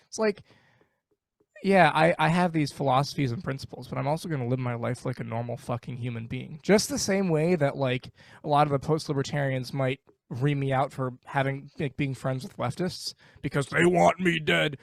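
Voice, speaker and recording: A man ranting emphatically in a casual podcast chat, animated and swearing. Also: medium pitch, normal speed, gravelly, no echo, clean studio sound. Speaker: podcast guest.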